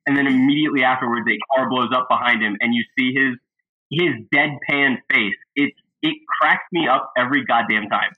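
An excitable man talks through favorite comedy scenes in a casual podcast chat. His voice comes through narrow and phone-like. He keeps cracking himself up as he retells each gag. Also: mid-range voice, fairly quick. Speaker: podcast host. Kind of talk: casual movie review chat. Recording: thin phone-like sound.

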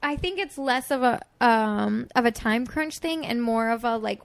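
A woman's voice: on the high side, animated, a little slow, creaky, no echo. A woman speaking as a podcast guest in casual chat, earnest, explaining her own view.

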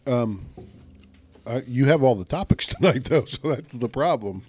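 A man's voice: mid-range voice, lively intonation, normal speed, darkish tone, husky. Man co-host, casual snack-review chat, teasing and jokey. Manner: joking, teasing questions. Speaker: podcast co-host.

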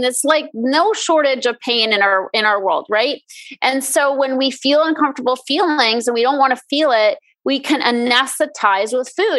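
A woman health coach talking casually in an interview, chatty and animated, often laughing and acting out her own inner thoughts. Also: a little high, no room sound. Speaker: health coach, podcast guest.

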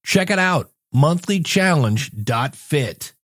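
A man reading a sponsor ad in a put-on, high, slow announcer voice. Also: expressive. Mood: hammy. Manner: slow, drawn-out, loud. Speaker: ad reader. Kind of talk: sponsor read.

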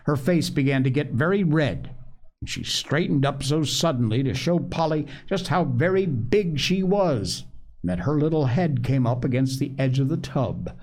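A man hosting a show who reads an old children's book aloud in a lively, expressive storytelling manner. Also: on the high side, moderate pace. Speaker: podcast host reading a book aloud. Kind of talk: reading a children's classic aloud.

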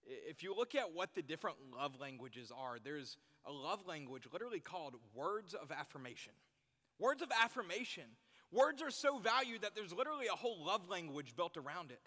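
A man's voice: fairly high pitch, very animated, moderate pace, sharp tone. Earnest young man preaching in a hall. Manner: earnest, repeats key phrases for emphasis. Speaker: youth pastor. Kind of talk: sermon. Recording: long reverb in a hall.

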